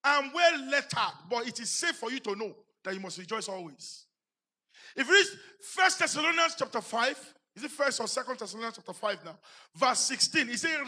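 A man with a Nigerian English accent preaching a sermon in a church, building to shouted emphasis and putting questions to the congregation. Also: extremely high pitch, expressive, fairly quick, slightly rough. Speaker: pastor.

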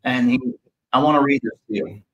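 A man hosting an interview podcast, speaking hesitantly with many pauses. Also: medium pitch, a bit bright, lo-fi sound. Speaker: podcast host. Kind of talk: casual interview.

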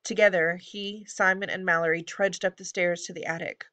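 A woman narrates a children's fantasy book in a steady, even manner. Her voice sits a little low but sounds bright and crisp. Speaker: audiobook reader. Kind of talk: storybook narration.

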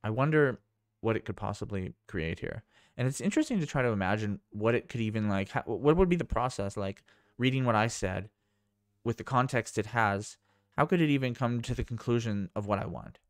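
A man's voice: lowish voice, lively intonation, brisk, no room sound, clean studio sound. A man vlogging a casual screen demo, rambling and thinking aloud with amazement. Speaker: tech vlogger.

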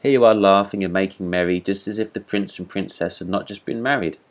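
A man's voice: low voice, a little fast, natural voice. A man doing a pompous, vain firework rocket. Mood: indignant. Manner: haughty, self-important, indignant.

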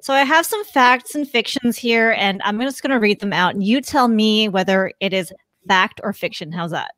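A woman hosting a casual interview, bubbly and quick to laugh. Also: mid-range voice, fairly bright tone, no room sound, clean studio sound. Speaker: podcast host.

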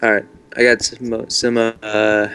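A man's voice: on the low side, little pitch movement, measured pace, a bit bright, clear, resonant tone. A man chatting casually while playing a video game with friends, rambling and joking as he goes. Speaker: game player. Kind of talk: casual gaming chat.

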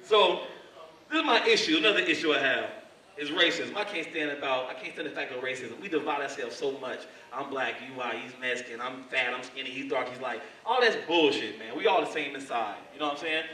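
A male stand-up comedian hosting a live club show, telling stories in an animated way. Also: medium pitch, a little fast. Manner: animated storytelling. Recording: echoey club, distant mic.

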